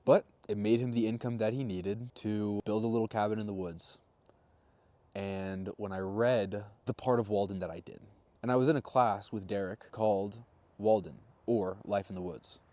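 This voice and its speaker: A man in his twenties telling a rambling, self-mocking personal story in a casual vlog monologue, with deadpan jokes. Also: on the low side, normal speed, no echo. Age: 20s. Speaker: vlogger.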